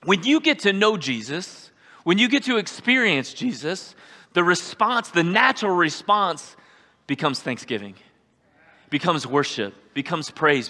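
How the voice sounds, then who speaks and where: A pastor delivering a sermon in a fairly high, bright, forceful voice. He talks conversationally, checks in with "right?" again and again, and now and then bursts into a shout. The sound carries the long reverb of a church sanctuary. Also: very animated, measured pace.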